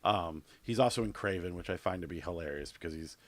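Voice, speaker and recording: A man's voice: low-pitched, quick pace, no echo. A man co-hosting a podcast in casual chat, rambling and offhand with lots of fillers and restarts. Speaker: podcast co-host.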